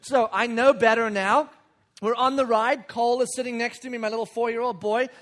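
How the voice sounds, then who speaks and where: A man with a high, bright, ringing voice tells a family story in a lively, animated way. He jumps into loud acted-out lines and quick asides, as if talking to a room of friends. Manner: animated, acts out kids and himself with loud bursts. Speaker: father and speaker. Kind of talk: storytelling talk.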